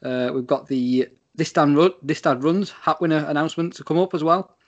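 A man's voice: fairly high pitch, a little fast, highs cut off. A British man co-hosting a casual podcast, friendly and rambling, with many fillers. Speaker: podcast co-host.

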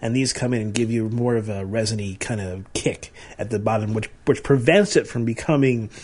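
A man's voice: on the low side, a little fast, a little mellow. A man co-hosting a podcast in an easygoing way, casually describing beers and reading out their stats in a matter-of-fact tone. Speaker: podcast co-host. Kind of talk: casual beer-tasting chat.

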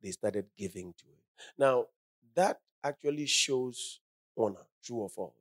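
A man's voice: medium pitch, lively intonation, a little slow, dry recording, studio quality. A man preaching a sermon, reading scripture with rising emphasis and asking the congregation call-and-response questions.

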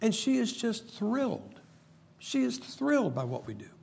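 A man's voice: high-pitched, huge pitch swings, normal speed, vocal fry, darkish tone, breathy edge. A man preaching a humorous sermon, telling stories and making emphatic points with jokes. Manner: joking, storytelling, emphatic preacher.

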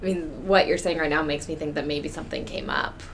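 A woman's voice: deep voice, brisk, a bit bright. A woman co-hosting a casual interview, chatting relatably about her own habits. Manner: relatable, chatty, laughs along. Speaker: podcast co-host. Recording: faint background noise.

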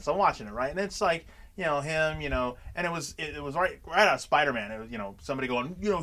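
A fast-talking podcast co-host with a fairly high voice tells stories in casual chat. He swears freely and animatedly acts out the quotes in his tales.

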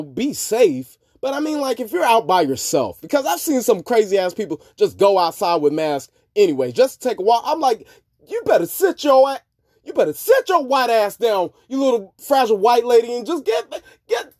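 A man hosting a podcast, talking in a rambling, profane monologue that swings between low mutters and loud outbursts. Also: no room sound, studio quality. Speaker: podcast host. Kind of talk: casual monologue.

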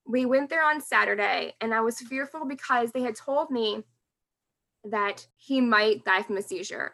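A woman guest on a podcast shares candid, emotional memories of her late father, often laughing through the hard moments. Her voice is on the high side, pushed and bright.

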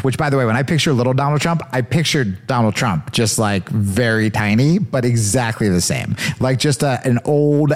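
A man hosting a show, riffing sarcastically as he comments on video clips. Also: medium pitch. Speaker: comedian host.

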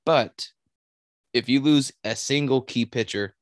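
A man's voice: mid-range voice, unhurried, no echo, clean studio sound. A man co-hosting a casual sports podcast, swearing freely and rambling until he loses his thread. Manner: profane, rambling, loses his train of thought. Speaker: podcast co-host.

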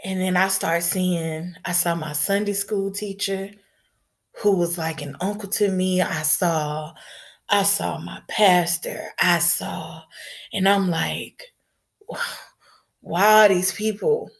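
A woman telling a personal story to an audience in a casual, blunt way, halting and repeating her words, with a touch of swearing. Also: fairly low pitch, fairly even intonation, gravelly.

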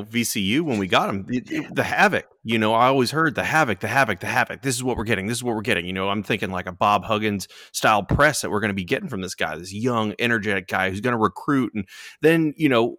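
A man's voice: mid-range voice, a bit bright, dry recording, clean studio sound. A man on a casual sports podcast, venting frustration with heavy swearing and long analogies. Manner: profane, frustrated, drawn-out analogies. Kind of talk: heated casual sports talk.

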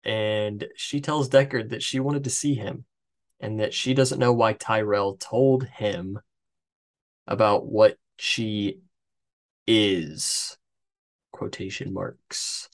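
Using a headset mic, a podcast host slowly walks through a film's plot from his notes in a lowish voice. The tone is chatty and casual, peppered with profanity and joking asides.

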